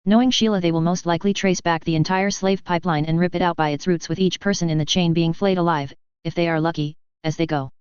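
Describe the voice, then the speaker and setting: A blunt, swearing male ambassador, read by a woman narrator. The voice is low-ish and very clear, with no room sound. The audio is slightly dull. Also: steady tone, quick pace, few pauses, darkish tone, no echo, lightly acted. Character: blunt, foul-mouthed human male ambassador.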